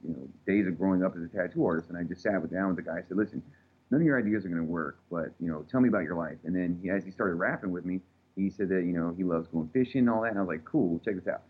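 A man's voice: low-pitched, rapid-fire, breathy edge. A man, a tattoo artist telling a rambling, profane story in casual chat, recorded with thin phone-like sound.

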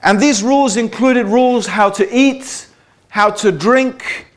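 A man's voice: extremely high pitch, takes it slowly. A man giving a public talk to a live audience, conversational and wry, often checking in with "okay?" and "right?". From Britain. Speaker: speaker addressing an audience.

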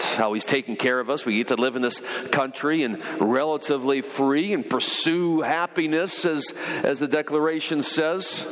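A man's voice: a little high, big-room sound, a little hiss or hum. A man preaching a sermon as pastor, earnest and emphatic, pressing his points with rising intensity.

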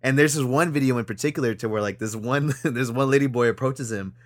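A young adult man chatting loosely on a podcast, swearing often and restarting his sentences. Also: mid-range voice. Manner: swears a lot, halting restarts, loose slang. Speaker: podcast co-host. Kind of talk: casual chat.

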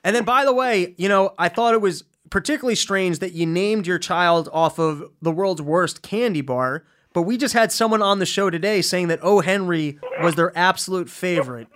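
A man's voice: high voice, fairly bright tone. A man hosting a radio show, joking and teasing a caller in casual comedic banter. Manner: teasing, joking, quick interjections.

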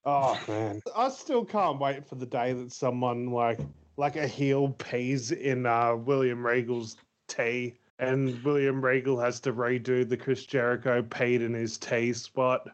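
A man's voice: medium pitch, measured pace. Rambling laid-back man, lo-fi podcast. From Australia. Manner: rambling, filler-heavy, laughs easily. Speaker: podcast co-host. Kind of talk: casual chat. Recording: slightly dull lo-fi audio.

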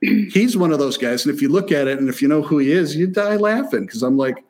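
A man from Michigan telling a story in a casual chat, animated and profane, acting out the people he quotes. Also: a little high, a little fast. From Michigan, near Detroit.

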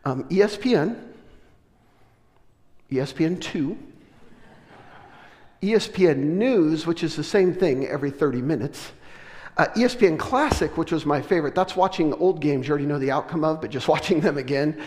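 A middle-aged man from the US West Coast, preaching a sermon and telling a personal story with animated, self-deprecating humor. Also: a little high, normal speed, long pauses. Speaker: pastor. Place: church sanctuary. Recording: long reverb of a large church hall.

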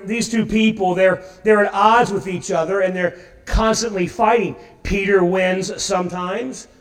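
A male pastor delivering a sermon with a fairly high voice, animated and storytelling, acting out the lines he quotes. He often repeats words as he finds his way. Recorded in an echoey church space.

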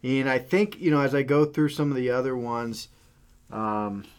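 A man's voice: mid-range voice, normal speed, clean tone. An easygoing man with a mid-range voice, chatting on a podcast. He hesitates often with "uh"s and "um"s as he walks through his ranked list. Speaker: podcast co-host. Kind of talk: casual movie ranking chat.

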